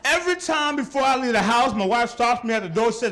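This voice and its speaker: A young adult man performing a stand-up routine on a club stage, teasing the crowd in an animated way. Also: very high-pitched, fast talker. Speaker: stand-up comedian. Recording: live club recording with audience noise.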